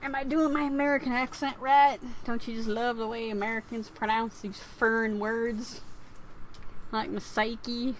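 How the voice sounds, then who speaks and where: A woman's voice: fairly high pitch, flat delivery, normal speed, hardly any pauses, a little hiss or hum. A woman streaming a game, commenting wryly and chattily to herself as she plays, with faint game music behind. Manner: chatty, wry, talks to herself while playing. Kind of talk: casual let's play commentary.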